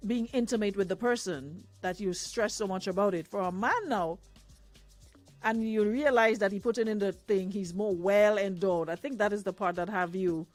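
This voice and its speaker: A woman hosting a radio advice show, reading listener letters and giving frank advice. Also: mid-range voice. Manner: frank, reads listener letters, laughs easily. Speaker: radio host.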